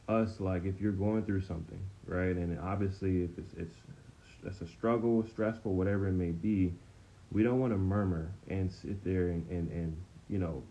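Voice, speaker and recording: A man's voice: low-pitched, mellow. A man teaching a casual Bible study lesson, talking conversationally and checking in with "okay?" after nearly every point. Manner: conversational, frequent "okay?" check-ins, repeats himself. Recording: dull, slightly lo-fi sound with faint noise.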